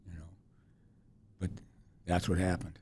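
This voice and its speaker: A man in his sixties, a podcast guest telling a personal story in a halting, reflective way with many restarts. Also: sits low, monotone, a little mellow, a little hiss or hum. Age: 60s.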